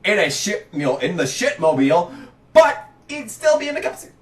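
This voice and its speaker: A man with a very high voice rants sarcastically, his exasperation spilling into shouts. He sits back from the microphone in an echoey room, so his voice sounds distant and roomy. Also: very animated, brisk. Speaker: racing commentary vlogger. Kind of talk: ranting commentary. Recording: roomy, set back from the mic.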